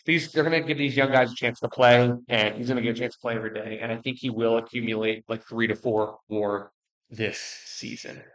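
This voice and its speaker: A young man ranking baseball players in casual commentary, blunt and joking, rambling with restarts and quick apologies. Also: mid-range voice, fairly even intonation, fairly bright tone, rough recording. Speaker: baseball video creator.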